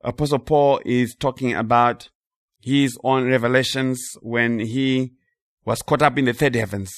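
A man preaching a sermon with emphasis, repeating key phrases and slowing on important words. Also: mid-range voice, fairly even intonation, dry recording, studio quality.

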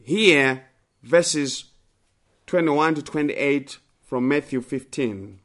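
A man delivers a sermon in a bright, slightly high voice. He takes his time, repeats key phrases for emphasis and lifts his voice sharply when he acts out a plea. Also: slow. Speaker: preacher. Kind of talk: sermon with scripture reading.

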